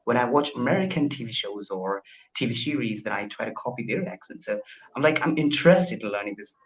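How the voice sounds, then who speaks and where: A young man from India talks over a video call in an eager, self-deprecating way, stumbling and restarting as he explains himself. His voice sits at an ordinary middle pitch for a man. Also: expressive, brisk, rough recording. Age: 20s. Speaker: language learner. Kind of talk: casual video call conversation.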